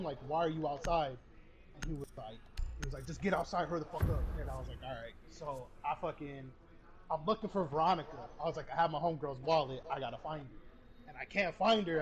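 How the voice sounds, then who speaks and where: A young man casually telling a profane story while gaming, acting out each quote. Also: fairly high pitch. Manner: profane, acts out every quote. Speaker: streamer. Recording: loud game gunfire behind.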